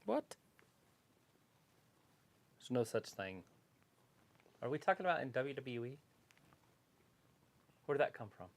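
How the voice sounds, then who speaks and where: A man's voice: mid-range voice, sing-song, slow, pauses often. A man co-hosting a casual livestream watch-along, tossing out offhand, laid-back opinions.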